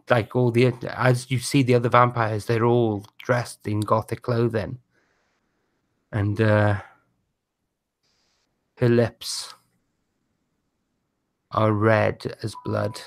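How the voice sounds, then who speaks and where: A man running a tabletop game who narrates scenes in detail but in a halting way, often restarting his sentences. His voice sits at an ordinary middle pitch, and he is heard over a voice-call microphone. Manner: descriptive, halting, many restarts. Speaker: game master.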